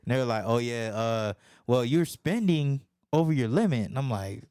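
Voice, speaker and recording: A young man in casual podcast chat, telling a profane story and jumping into lively voices when he quotes people. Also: mid-range voice, normal speed, clear, resonant tone, no room sound, studio quality. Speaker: podcast host.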